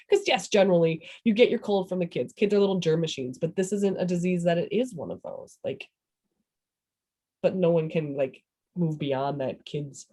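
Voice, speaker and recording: Husky rambling Midwestern mother. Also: on the low side, warm tone. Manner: rambling, self-interrupting, laughs often. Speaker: interviewee, parent. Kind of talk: casual oral history interview.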